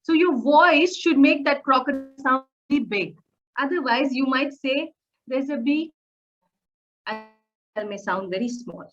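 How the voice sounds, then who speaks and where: Lady teaching public speaking online, kinda high voice, muffled lo-fi audio, lots of uh and okay?. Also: animated, normal speed, fairly bright tone. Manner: frequent "uh" fillers and "okay?" checks with listeners. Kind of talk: online course lecture. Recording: muffled lo-fi recording.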